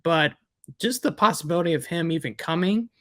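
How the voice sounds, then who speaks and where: A Midwestern-accented man talks through recruiting news on a podcast, circling and restarting his thoughts. His voice sits a little high and sounds sharp and bright, recorded dry and close. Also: brisk, no echo. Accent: Midwestern American. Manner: rambling, many fillers and restarts. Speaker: recruiting analyst co-host. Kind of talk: casual sports podcast chat.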